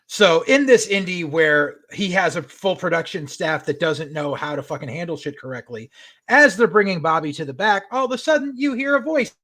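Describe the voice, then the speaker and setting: A man co-hosting a podcast, recapping a show in a profane, animated rant. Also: high-pitched, normal speed. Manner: profane, animated retelling with acted-out quotes. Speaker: podcast co-host.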